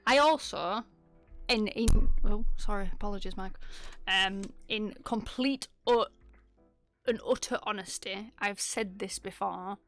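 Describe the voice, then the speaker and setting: A woman's voice: mid-range voice, a little slow, a bit bright, soft background music. A woman with a Northern English accent, chatting casually and teasing on a livestream while building a keyboard, laughing often.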